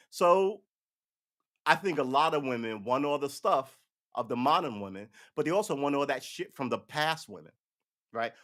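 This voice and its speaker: Speaking at a moderate pace, a man with a medium-pitched, expressive, slightly bright voice streams live about current events. The political commentator rambles opinionatedly, drops profanity, and mocks others by putting on voices.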